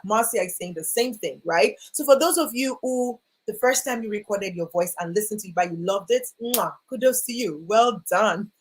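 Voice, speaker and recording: A woman speaking at a live online workshop, encouraging and repetitive, reading viewers' comments aloud. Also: medium pitch. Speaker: voice coach speaker.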